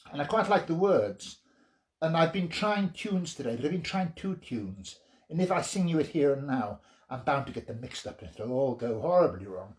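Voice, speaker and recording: A man, a singer-songwriter at home, chatting casually and self-deprecatingly between songs and reading his own verse aloud. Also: on the high side. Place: at home during lockdown. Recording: roomy echo.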